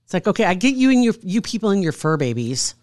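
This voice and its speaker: A woman's voice: medium pitch, big pitch swings, fast, a little mellow. A woman co-hosting a casual podcast, telling a story in a chatty, amused way. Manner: chatty, amused, laughs often. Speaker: podcast co-host.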